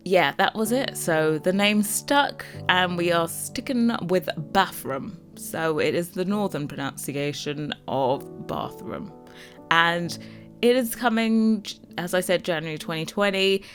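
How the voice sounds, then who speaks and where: Chatty London woman, lowish voice. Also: a bit bright. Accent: London English. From London, England. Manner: chatty and rambling, lots of fillers, self-teasing. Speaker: Sims builder and YouTuber. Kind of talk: casual chat to viewers.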